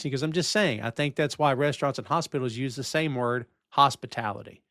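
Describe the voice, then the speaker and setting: A man's voice: a little high, fast talker, few pauses, no echo, clean studio sound. A man hosting a casual review podcast, recapping scenes and acting out the characters' lines as he goes. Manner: animated recapping, acts out quoted lines. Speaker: podcast host.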